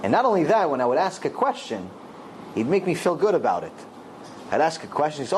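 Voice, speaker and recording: A man's voice: a little high, big pitch swings, a little fast, a little mellow, a little hiss or hum, poor audio. A middle-aged man and rabbi giving a storytelling Torah lecture, acting out the dialogue in raised voices.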